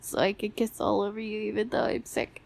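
A young woman with a stuffy, congested voice, soft and sleepy and given to giggles, in a whispered role-play as a sick girlfriend. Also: mid-range voice, little pitch movement, a little fast, vocal fry. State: congested from a cold. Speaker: ASMR performer playing a sick girlfriend.

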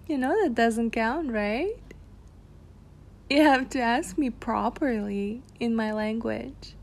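Slow, teasing woman. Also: fairly high pitch, a little mellow. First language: Russian. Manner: teasing, playful, giggly. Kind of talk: flirty audio role-play.

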